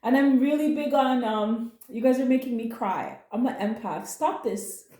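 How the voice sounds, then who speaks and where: A woman's voice: on the high side, moderate pace, dark tone, reverberant. A woman giving a casual spoken tarot reading, earnest and comforting, emotional at times and blunt with slang. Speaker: tarot reader.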